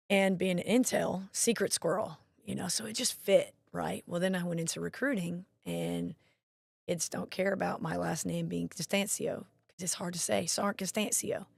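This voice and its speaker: A woman's voice: on the low side, gravelly, no echo, studio quality. A woman, a National Guard marketing director telling stories as an interview guest. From Mississippi. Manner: chatty storyteller, acts out quoted voices. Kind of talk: casual interview chat.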